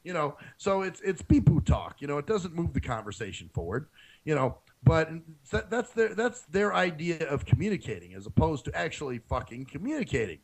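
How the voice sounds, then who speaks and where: A man's voice: fairly high pitch, very animated, brisk, rough recording. A man hosting his own radio show, ranting frankly in a casual solo monologue and swearing freely.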